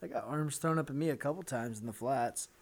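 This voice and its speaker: A man of middle pitch who talks quickly in a casual podcast chat. He is chatty and asks the others questions.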